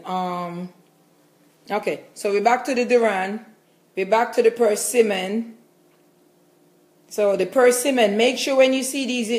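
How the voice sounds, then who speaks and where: A woman vlogger with a medium-pitched, darkish voice shows off her groceries in a casual haul video. She chats enthusiastically and repeats herself as she goes.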